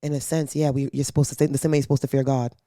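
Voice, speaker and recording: A young woman co-hosting a podcast in casual chat, blunt and animated, swearing freely and acting out quoted voices. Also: very deep voice, very fast, dry recording. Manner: acts out quoted kids and parents in a raised voice. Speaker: podcast co-host.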